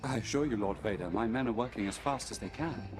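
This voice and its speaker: A man dubbing a nervous station commander in a parody scene, hurried and placating. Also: mid-range voice, faint music behind, lightly acted. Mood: anxious. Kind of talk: parody dub of a film scene.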